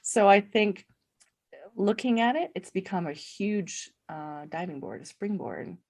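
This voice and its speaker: A woman's voice: medium pitch, expressive, measured pace, a little mellow. A middle-aged woman, a podcast guest, telling her story in casual conversation, acting out quoted dialogue and laughing often.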